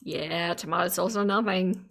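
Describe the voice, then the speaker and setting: A woman's voice: on the low side, normal speed, gravelly, a bit bright. An Australian woman chatting casually on a live stream, laughing often and teasing her chat. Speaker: streamer reacting to videos.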